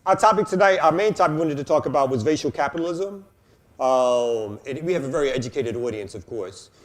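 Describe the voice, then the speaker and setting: Loud, hyped male podcast co-host. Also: on the high side, brisk. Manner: loud, hyped introductions with profanity. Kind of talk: casual podcast chat.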